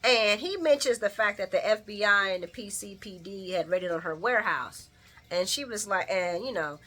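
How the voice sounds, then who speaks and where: Woman vlogger, chatty recap commentary, slangy and laugh-prone, lively pitch swings, bright tone. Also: moderate pace. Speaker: soap opera recap vlogger.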